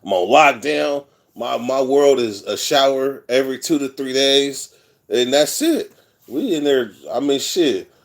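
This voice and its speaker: A man's voice: medium pitch, a little slow. Profane, rambling man. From California. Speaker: vlogger telling prison stories. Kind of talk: casual storytelling monologue.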